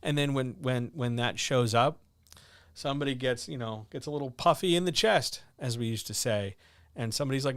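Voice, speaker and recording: Male livestream host, mid-pitched, blunt and sardonic, dry close mic. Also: fairly quick, no room sound. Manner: blunt, sardonic, animated, with sudden jumps in pitch. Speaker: host of a writing advice livestream. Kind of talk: casual livestream chat answering viewer questions.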